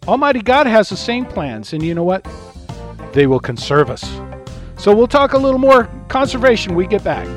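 A man's voice: sits high, normal speed, faint music behind. A middle-aged man hosting a talk radio show, telling stories and acting out the voices in them. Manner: animated, acts out voices in anecdotes. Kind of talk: talk radio monologue with storytelling.

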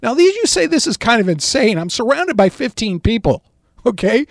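A middle-aged man preaches in a bright, high voice that swoops up and down. He tells his story with animated energy and booms out the quoted lines. The sound is close and dry. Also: brisk, creaky, dry recording. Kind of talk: storytelling sermon.

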